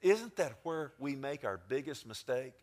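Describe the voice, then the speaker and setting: A male preacher giving a sermon, swinging between quiet, low passages and emphatic ones, often calling for amens. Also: normal speed. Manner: asks the congregation for amens.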